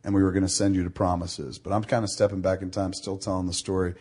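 Middle-aged guy on a podcast telling a story, lowish voice, cusses a lot, does everyone's lines. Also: fast, husky. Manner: swearing, animated storyteller quoting others. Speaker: podcast host. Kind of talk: casual storytelling.

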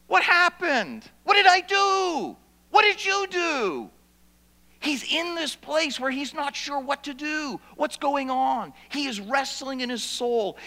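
A high-voiced, bright-toned man preaching, his delivery swinging from quiet and close to loud and pleading. The sound carries a long hall reverb. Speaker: pastor. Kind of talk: sermon.

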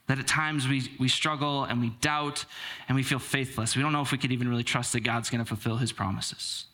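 A man's voice: medium pitch, steady tone, fairly quick, pushed and bright. A young man preaching a sermon to a church, telling a self-deprecating personal story in a conversational way with frequent filler words. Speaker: pastor.

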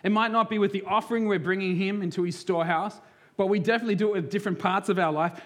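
A man preaching a sermon with a slightly high voice. He moves between plain teaching and acted-out quotes, some spoken almost in a whisper. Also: fairly even intonation, fast talker, fairly bright tone. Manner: acts out quoted voices, dropping into near whispers. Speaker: pastor.

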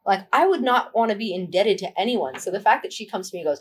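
A woman's voice: medium pitch, expressive, fast, a little hiss or hum. A woman co-hosting a podcast, frankly telling a personal story in casual chat, acting out quoted lines. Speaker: podcast co-host.

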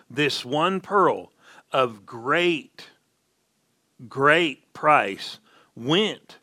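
A male pastor preaching with a bright, forceful voice. He speaks slowly and deliberately, drawing out the words he wants to land and asking his listeners if they are following. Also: on the high side. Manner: emphatic preaching, slows down to stress key words, asks the congregation questions. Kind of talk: sermon.

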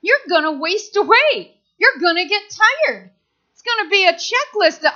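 A woman pastor delivers a sermon in a high, bright voice, talking to the congregation like she is chatting with them and slipping into the voices of the people she quotes. She sounds middle-aged, and her delivery is heartfelt and energetic. The recording is somewhat dull and lo-fi. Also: normal speed. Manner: impassioned, conversational preaching with acted-out quotes.

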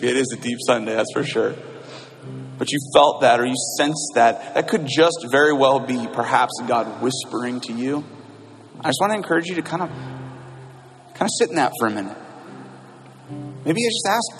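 A man serving as pastor, leading communion and prayer in an earnest, halting way with frequent restarts. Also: medium pitch, long reverb tail, slight background noise. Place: church sanctuary.

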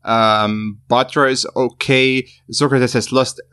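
A man of ordinary pitch talking through a match as a guest analyst. He hesitates constantly, circling back and restarting his sentences, in a casual discussion tone. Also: fairly even intonation, pushed and bright, clean tone. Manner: halting, many restarts and fillers.

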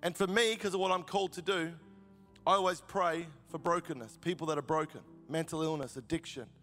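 A man's voice: on the high side, brisk, a bit bright, long reverb tail, faint music behind. A man from Australia, preaching a sermon as he tells a personal story in a fervent, storytelling way. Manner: storytelling, grows fervent and emotional. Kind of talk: sermon testimony.

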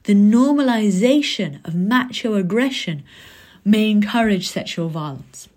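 A woman giving a spoken book review in a thoughtful, conversational way, with soft muttered asides. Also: mid-range voice, lively intonation, a little slow.

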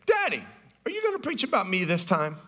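A man's voice: sits high, huge pitch swings, a little fast, a bit bright, voice pushed up, exaggerated voice. A man voicing his young daughter, a cheeky and persistent little girl. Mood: wheedling.

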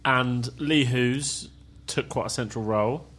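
A man's voice: medium pitch, a little slow, a bit bright, a little hiss or hum. A man hosting a football podcast, prompting guests with dry asides. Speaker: podcast host. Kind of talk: casual football podcast chat.

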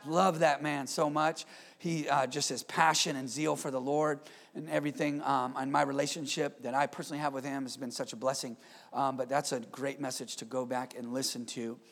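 A man preaching as a pastor, energetic with joking asides and calls for amen from the congregation, in a church. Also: medium pitch, fairly quick, gravelly. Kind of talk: sermon. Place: church sanctuary. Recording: long hall reverb.

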